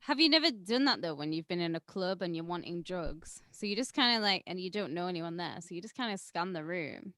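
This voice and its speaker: A woman co-hosting a podcast in casual chat, teasing and lively. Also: fairly low pitch, a little fast, few pauses, no room sound, studio quality. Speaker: podcast co-host.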